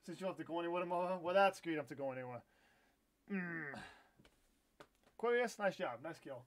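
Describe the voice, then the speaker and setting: Young man, high voice, excitable, swears a lot, live game-stream chatter. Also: quick pace, long pauses. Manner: excitable, swears, outbursts of frustration. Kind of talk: live gameplay stream commentary.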